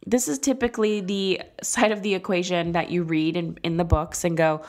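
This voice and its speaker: A woman in her thirties hosting a solo parenting podcast, speaking candidly and conversationally, slowing down to stress key points. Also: fairly low pitch, steady tone. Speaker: podcast host and parenting coach.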